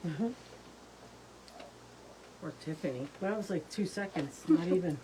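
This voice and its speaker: A woman chatting casually among friends, with quick reactions and laughter. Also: lowish voice, noisy background.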